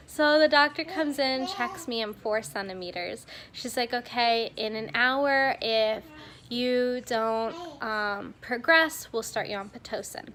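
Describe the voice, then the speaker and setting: A young woman recounts a personal story from home, bringing each moment to life by acting out what people said to her. Her voice is fairly high and moves a lot in pitch as she tells it. A faint hum of noise sits under the recording. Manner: animated retelling, acting out quoted dialogue. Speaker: vlogger. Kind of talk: casual storytelling.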